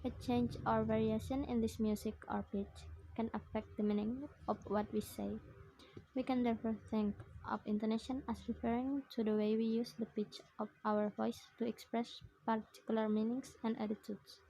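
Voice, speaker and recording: A young woman student reading her prepared phonetics assignment aloud, in short measured phrases. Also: a little high, flat delivery, dark tone, slight background noise, low-quality recording.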